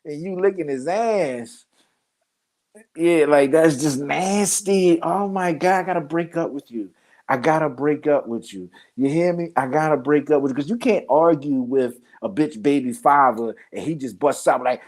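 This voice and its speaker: A man hosting a show, ranting for comedy in a loud, exclaiming, profane way, repeating lines for emphasis and jumping from low mutters to high outbursts. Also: moderate pace. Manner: loud exclaiming, big pitch swings, profane. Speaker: host. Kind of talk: comedic rant.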